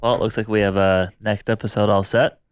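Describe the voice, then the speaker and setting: A man's voice: lowish voice, flat delivery, brisk, smooth, dry recording. A man in his twenties co-hosting a podcast in casual chat, joking and laid-back. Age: 20s. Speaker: podcast co-host.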